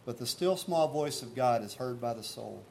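Male pastor, earnest conversational sermon delivery, medium pitch, light background noise. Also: expressive, normal speed, vocal fry, a little mellow. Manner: earnest, conversational preaching with rhetorical questions.

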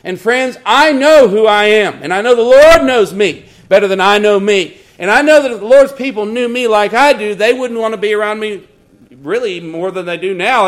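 High-voiced man preaching a sermon. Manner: earnest preaching, quoting scripture, slowing down for emphasis; wry storytelling asides in a lower, quieter voice.

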